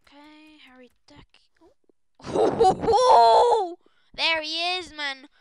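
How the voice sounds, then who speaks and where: A young woman streaming a video game live, shrieking and excitable, often breaking into shouts. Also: sits high, a little slow. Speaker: gaming streamer.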